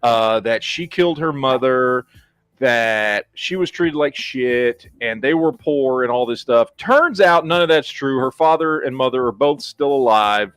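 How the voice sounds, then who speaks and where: A man in a casual podcast chat, blunt and profane as he rants. His voice is dry and close, with almost no room sound, and sits at an ordinary pitch. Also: animated, measured pace, a bit bright, clean tone, no room sound. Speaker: podcast host.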